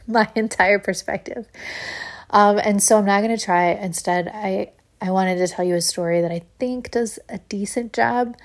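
A woman telling a personal story to listeners in a lively, animated way, laughing often as she speaks. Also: medium pitch.

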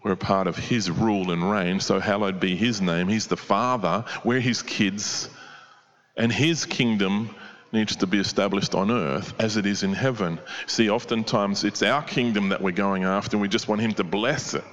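A man's voice: on the low side, normal speed, a bit bright, lo-fi sound. Preacher man in a reverberant hall. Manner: expository, with rhetorical questions. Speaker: pastor. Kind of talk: sermon.

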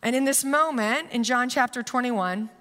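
In a large hall with long reverb, a woman preacher tells a story animatedly in a casual, conversational sermon full of fillers. She speaks at normal speed in a slightly high, somewhat bright voice.

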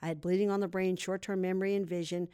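A woman in her sixties sharing her personal testimony as a guest, earnest and emotional, speaking with deep faith. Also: little pitch movement, fast, dark tone, smooth. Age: 60s.

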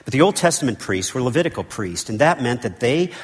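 A man's voice: mid-range voice, very animated, fast talker, in a large hall. A man preaching a sermon as pastor, emphatic, with repeated phrases and casual asides to the congregation. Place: church sanctuary.

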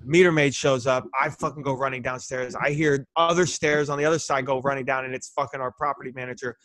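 A man telling a long, rambling story in casual chat, animated and swearing a lot. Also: medium pitch, quick pace, dry recording. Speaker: podcast co-host.

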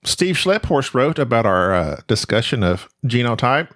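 A man's voice: medium pitch, moderate pace, no echo, clean studio sound. A man co-hosting a board game podcast, reading listener emails and arguing playfully, laughing often. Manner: animated, argumentative, laughs often. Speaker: podcast co-host. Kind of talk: casual chat.

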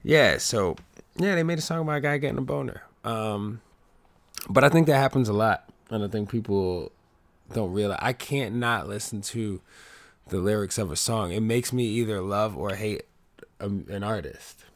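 A young man hosting his own podcast in casual chat, rambling and swearing a lot, loud and unable to whisper. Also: lowish voice, moderate pace, no room sound. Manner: loose, swears a lot, rambling with many restarts. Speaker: podcast host.

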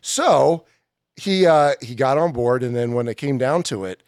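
A man guest on a casual podcast, telling stories in a lively way and acting out what others said. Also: medium pitch, a little slow, no echo, clean studio sound. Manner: lively storyteller acting out quotes. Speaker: guest, director and author.

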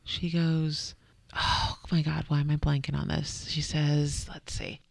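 A woman's voice: low-pitched, flat delivery, a little slow, gravelly, dry recording. A woman in her thirties chatting casually as a parent of a toddler, laughing often and acting out what others say. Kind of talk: casual chat.

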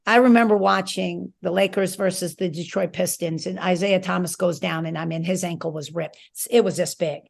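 A woman's voice: lowish voice, steady tone, moderate pace, vocal fry, hardly any pauses. A woman who coached in college, chatting casually and emphatically about sports on a talk show. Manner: conversational, emphatic, rambling asides. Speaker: former college coach, guest.

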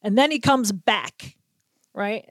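A woman from Boston, a sports reporter hosting a casual talk show, telling a lively anecdote full of acted-out quotes. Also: mid-range voice, takes it slowly, dry recording. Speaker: sports reporter, podcast host. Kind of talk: casual storytelling chat.

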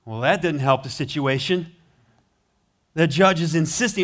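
A man's voice: on the high side, animated, moderate pace. A man preaching a sermon in a church, telling a story with rising, emphatic passion. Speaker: pastor. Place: church sanctuary.

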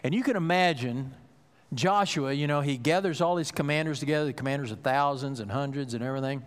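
A male pastor preaching a sermon, telling a story with acted-out dialogue and building to loud, emphatic peaks. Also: medium pitch, fast talker, clear, resonant tone, big-room sound.

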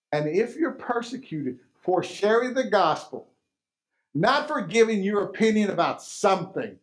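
A man preaching a sermon as pastor, emphatic, asking rhetorical questions and repeating key phrases. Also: high voice.

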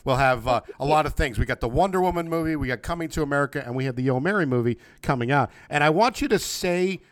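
A man with a smooth, resonant voice hosts a casual podcast interview, rambling along in a friendly way with plenty of fillers and restarts. His voice comes across dry and close, with no room around it. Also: a little high, expressive, fast talker, no room sound. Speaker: podcast host. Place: home, remote video call.

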